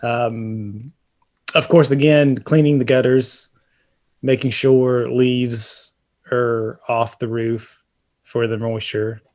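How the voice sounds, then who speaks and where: A man's voice: medium pitch, fairly even intonation, slow, a little mellow. A man co-hosting a casual home-repair podcast, explaining things at length with plenty of fillers and restarts. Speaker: podcast co-host. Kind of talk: casual chat about roofing.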